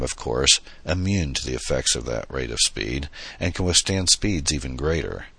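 A calm, precise alien pilot voiced by a man who speaks formally and deadpan. The voice is very low with a bright, slightly husky tone, close and dry. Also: dry recording, exaggerated voice.

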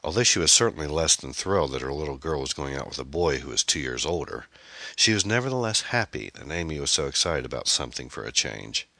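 Deep, lively male audiobook narrator. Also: dry recording. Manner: measured, expressive storytelling.

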